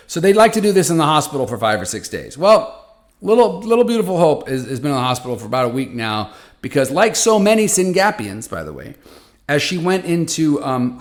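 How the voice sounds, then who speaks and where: A man hosting a foundation podcast, talking casually and animatedly from his office, often restarting phrases. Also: mid-range voice. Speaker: podcast host for a patient foundation. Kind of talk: casual monologue. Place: hot office.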